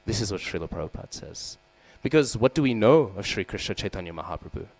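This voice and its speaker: A devotional speaker talks fast with lively intonation during a temple-hall scripture class, checking in with "hmm?" and "right?" and raising his voice to perform quoted lines. The recording is low quality, with mains hum behind it.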